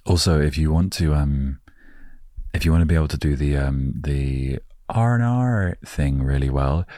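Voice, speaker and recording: An Englishman hosting a relaxed storytelling podcast, rambling playfully with jokey asides into a close microphone. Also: extremely low pitch, no room sound. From England. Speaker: podcast host.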